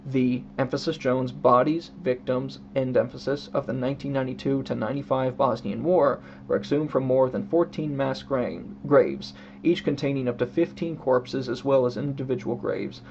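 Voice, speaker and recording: Gravelly guy reviewing a book, reads out quotes and explains them, kinda dull lo-fi sound. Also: medium pitch, darkish tone. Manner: reads quoted passages aloud, marking each quote and emphasis; unhurried, explanatory, with restarts. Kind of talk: casual spoken book review. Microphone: own camera setup. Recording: dull lo-fi recording with faint hum.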